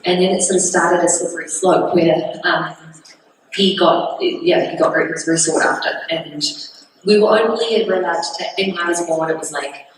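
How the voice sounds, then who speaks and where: A woman's voice: lowish voice, normal speed. A woman in her thirties with a New Zealand accent, an actress chatting casually on a convention panel, rambling with lots of fillers. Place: large convention hall stage. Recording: echoey hall, far from mic, noisy.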